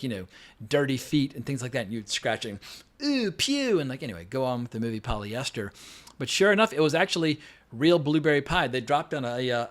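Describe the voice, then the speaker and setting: Fast-talking man reviewing a movie. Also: medium pitch, fairly bright tone. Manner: casual, opinionated, with frequent swearing and fillers. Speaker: film reviewer. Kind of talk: unscripted movie review monologue.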